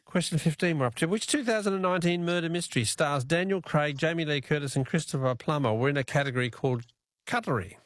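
Speaking quickly in a fairly high voice, an Australian man runs a radio quiz and keeps up casual talkback chat with callers, chuckling and self-deprecating. His studio microphone picks up no echo.

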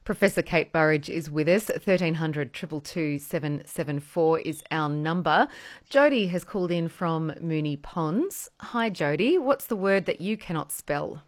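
A woman hosting a talkback radio show, briskly taking calls and reading out listener texts. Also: sits low, lively intonation. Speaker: radio host.

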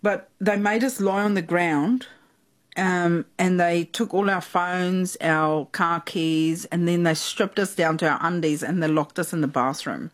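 A woman's voice: on the low side, unhurried. Chatty South African woman. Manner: chatty, laughs often, many fillers. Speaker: guest. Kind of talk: casual storytelling.

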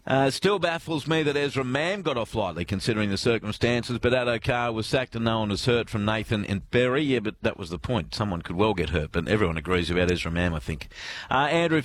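A man's voice: mid-range voice, lively intonation, brisk, a little hiss or hum. An Australian man hosting sports radio, bantering with his co-hosts and reading listener texts aloud.

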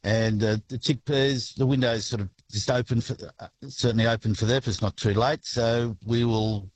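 A man with an Australian accent, a grain farmer answering a radio interview in a relaxed, halting way with many restarts. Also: mid-range voice, no echo, rough recording.

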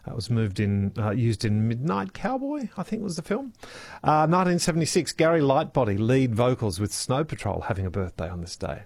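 An Australian man hosts a morning radio show in a loose, chatty manner, reading listener texts with plenty of "uh"s. His voice sits at an ordinary middle pitch. The sound is dry and close on the studio mic. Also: very animated, brisk, darkish tone, no room sound. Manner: reads out listener messages, chatty with fillers. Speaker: radio host. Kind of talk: casual radio chat. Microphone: studio microphone.

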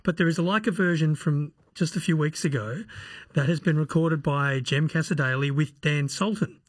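A man's voice: a little high, normal speed, breathy edge, no room sound. A man, a radio producer, explaining new music on air in an easy, chatty way. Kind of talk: radio music segment chat. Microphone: studio microphone.

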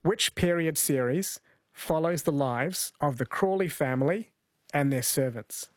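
A man's voice: fairly high pitch, unhurried, dry recording, studio quality. A man from New Zealand hosting a live radio talkback show, chatting with callers and reading out listener texts. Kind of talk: casual live radio chat. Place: radio studio.

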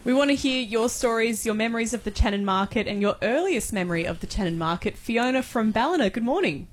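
A woman's voice: fairly high pitch, expressive, quick pace. A woman hosting a radio talk show, interviewing guests and taking callers in a friendly, upbeat way. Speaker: radio host.

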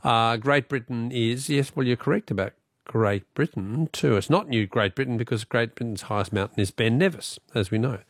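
A man's voice: medium pitch, normal speed, hardly any pauses, dry recording, studio quality. Wry Australian man hosting a radio quiz. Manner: chatty, wry, teasing. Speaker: radio quiz host taking callers.

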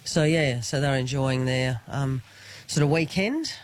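A man with an Australian accent chatting casually outdoors in a park, relaxed and a bit hesitant. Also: mid-range voice, measured pace, a little hiss or hum.

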